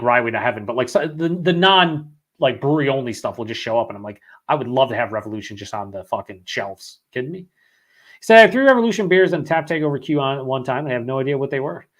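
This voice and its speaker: This young man's medium-pitched, slightly bright voice shows wear from hours of hosting a live beer vlog. He rambles casually, reads chat comments aloud, and swears often.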